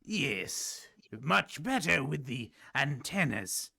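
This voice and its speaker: A man voicing a proud, aloof male dragonborn swarm lord who speaks in slow, formal sentences. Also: on the high side, very animated, sharp tone, voice pushed up, full character voice. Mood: haughty. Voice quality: slow, gravelly, formal speech. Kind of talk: tabletop role-play.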